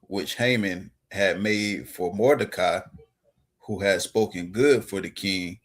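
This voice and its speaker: Low-voiced man reading scripture slowly and carefully for a study group. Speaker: scripture reader.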